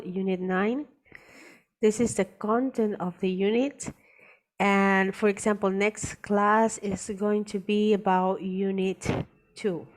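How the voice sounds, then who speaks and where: A woman teacher giving a screen-share tutorial, explaining each step slowly and deliberately. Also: mid-range voice.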